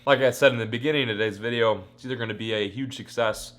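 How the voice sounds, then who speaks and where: A young man vlogging while fishing from a boat on a small lake, excitable and self-mocking, swearing often. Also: medium pitch, fast. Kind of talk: casual vlog talk to camera. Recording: outdoor wind and engine noise.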